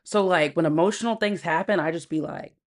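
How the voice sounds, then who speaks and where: A woman's voice: on the low side, brisk. A woman hosting a casual livestream from home, blunt and profane, often laughing as she talks to her viewers and her pet. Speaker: livestream host.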